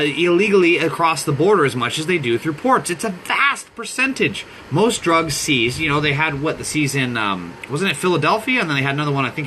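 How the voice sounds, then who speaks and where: A man's voice: mid-range voice, pushed and bright. Casual male streamer, mid-range voice, profane and rambling, phone mic with light background hum. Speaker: livestream host. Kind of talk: casual livestream chat. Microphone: phone held in hand.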